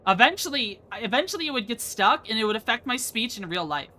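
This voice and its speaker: A woman's voice: fairly high pitch, sing-song, quick pace, pushed and bright. A young woman streaming a game, chatting casually and rambling from topic to topic, laughing often. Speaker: VTuber streamer. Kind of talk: casual live-stream chat.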